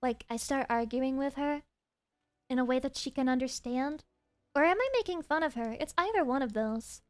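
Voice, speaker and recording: High-voiced, excitable woman streamer. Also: moderate pace. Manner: excitable, profane, rambling. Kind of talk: casual game stream chat. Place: at her desk at home. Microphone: desk mic.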